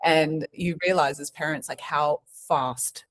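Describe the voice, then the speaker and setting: A woman's voice: low voice, fairly even intonation, slow. A woman hosting a podcast, welcoming guests and asking questions with brief encouraging affirmations. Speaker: podcast host. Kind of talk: friendly podcast interview.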